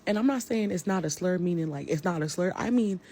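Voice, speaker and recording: A woman's voice: on the low side, lively intonation, brisk, dark tone. A woman giving an angry, profane rant to the camera about a falling-out with a friend. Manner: heated, profane, confrontational. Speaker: social media personality.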